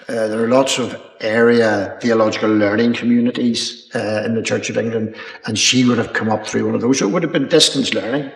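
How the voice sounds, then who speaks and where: An older man, an archbishop, answering questions at a public dialogue in a measured, rambling way, pausing with ums and restarts. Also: medium pitch, creaky. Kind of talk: unscripted panel answer. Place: college chapel. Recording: echoey chapel with long reverb.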